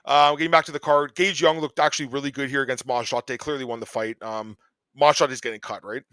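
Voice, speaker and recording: A man hosting a podcast, chatting casually and excitedly about fight results. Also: medium pitch, quick pace, clear, resonant tone, no echo. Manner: excitable, animated fan talk. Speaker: podcast host. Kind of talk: casual sports chat.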